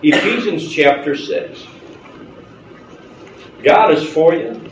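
A man's voice: fairly high pitch, lively intonation, takes it slowly, noisy background. A man preaching a conversational sermon as pastor, asking the congregation questions and laughing often. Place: church sanctuary with congregation. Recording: roomy church sound, mic at a distance.

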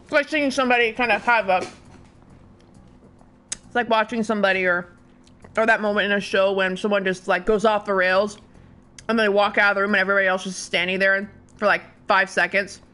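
A woman's voice: mid-range voice, steady tone, a little fast, long pauses, pushed and bright. A woman streaming a video game, chatting and giggling while she reads the game text aloud. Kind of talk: let's play commentary.

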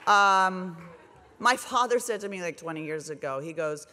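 A woman in her forties tells her own story on stage in a wry, self-deprecating way, keeping things animated and funny. Her voice carries a long reverb from a large hotel ballroom. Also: fairly low pitch, moderate pace, a faint crowd. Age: 40s. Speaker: speaker. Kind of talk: comedic speech at a gala.

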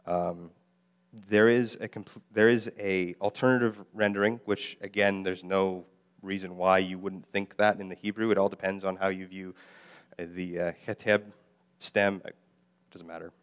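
Low-voiced man preaching a sermon. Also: clear, resonant tone. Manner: explains the Hebrew text, with fillers and self-corrections; voices God and Jonah in lively quoted lines. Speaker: guest preacher.

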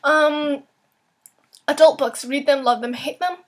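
A young woman book vlogger answering viewer questions in a chatty, quick way, full of "like" and "um". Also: sits high. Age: young adult. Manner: chatty, quick, with frequent "like" and "um" fillers. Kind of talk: casual Q&A vlog. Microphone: camera mic.

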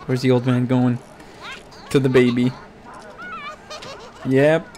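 A man's voice: mid-range voice, flat delivery, slow pace, warm tone, slight background noise. A man giving crude, profane Let's Play commentary, ranting at and scolding his game character. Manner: swears constantly, talks to his game character. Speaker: gaming YouTuber.

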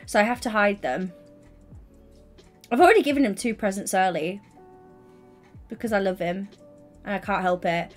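Over soft background music, this young streamer's mid-range voice comes through a headset mic as she chats casually with her audience. She's tired and yawning, yet still giddy, bubbly and talkative, with fast asides to chat.

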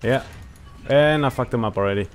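A man hosting a gaming channel, chatting casually while playing with a friend, excitable and quick to shout and laugh. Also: mid-range voice. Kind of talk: casual gameplay commentary with a squadmate.

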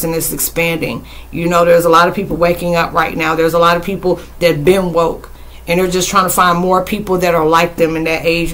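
A woman with a bright, forward tone talks casually to her viewers about spiritual growth. She rambles loosely, circling back with restarts and a steady stream of fillers. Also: fairly low pitch. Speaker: spiritual vlogger.

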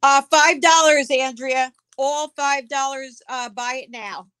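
Woman, live-stream auction seller, unhurried chatty delivery, slightly high voice. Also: fairly even intonation, a bit bright, no echo. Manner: chatty, answers viewer comments by name; describes items aloud as she handles them. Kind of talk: casual live-stream selling.

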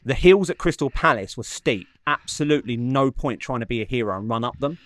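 A man tells the story of his run in a calm, mid-pitched voice-over. The recording is close and dry with no room sound. His delivery is measured, with a slight dramatic lift. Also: no room sound. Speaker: vlogger narrating his own run. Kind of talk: reflective voice-over narration.

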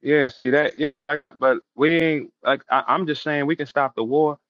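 A man's voice: fairly high pitch, steady tone, moderate pace, no echo. Brash man talking trash, dull dry sound. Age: middle-aged. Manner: brash, repetitive, calling out a rival. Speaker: host. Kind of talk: animated trash talk in a casual interview.

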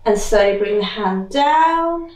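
A young woman dance teacher thinking aloud as she choreographs, counting beats with vocal sounds like boom and dum. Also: expressive, takes it slowly, darkish tone, a little hiss or hum. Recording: roomy echo, mic at a distance.

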